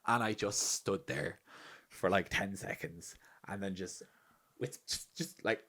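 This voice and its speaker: Animated young Irish man, podcast chat. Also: sits low, measured pace, slight background noise. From Ireland. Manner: animated, swearing, laughs often, acts out quotes loudly. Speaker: podcast co-host.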